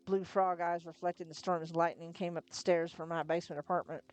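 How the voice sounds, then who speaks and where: A woman reads a novel aloud on a live stream in a fairly low voice. She tells the story in the first person at a steady pace. Now and then she trips on a word and corrects herself. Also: brisk. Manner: steady storytelling with occasional slips and self-corrections. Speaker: narrator, reader.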